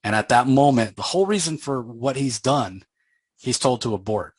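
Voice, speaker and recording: A man's voice: mid-range voice, expressive, normal speed, breathy edge, dry recording, rough recording. A man casually recapping a comic book story in a loose, conversational way, with plenty of fillers.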